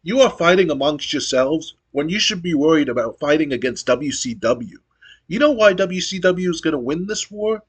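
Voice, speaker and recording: A smug young male rival wrestler played by a man reading a game playthrough, boasting about his company. The voice sits slightly high. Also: expressive, moderate pace, slightly rough.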